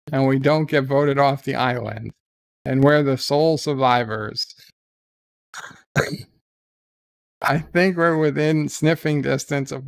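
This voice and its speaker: A man's voice: mid-range voice, creaky, clean tone. A man doing a comic impression of a forgetful elderly politician who rambles and keeps losing his words.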